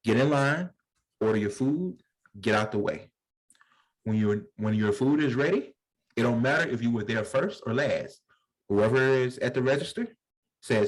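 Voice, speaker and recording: A young adult man co-hosting a podcast, telling stories in a slangy, animated way and acting out voices in casual chat. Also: medium pitch, moderate pace, low-quality recording. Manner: animated storyteller, slangy, acts out voices in anecdotes. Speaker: podcast co-host.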